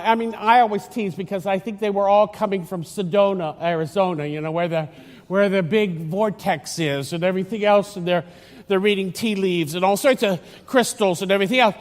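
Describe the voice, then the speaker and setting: A man giving a chatty, teasing homily as a priest, rambling with many restarts, recorded in a church. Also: high-pitched. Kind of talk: conversational homily. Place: church in Florida. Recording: long church reverb.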